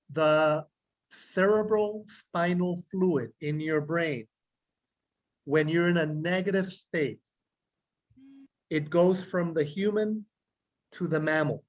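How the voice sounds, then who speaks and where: A man, a clinical psychologist, explaining self-regulation to a group in a measured way, listing words slowly and asking questions. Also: a little high, rough recording. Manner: measured, repeats key words in slow lists; speaks directly to listeners, asks rhetorical questions. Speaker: clinical psychologist teaching a meditation class.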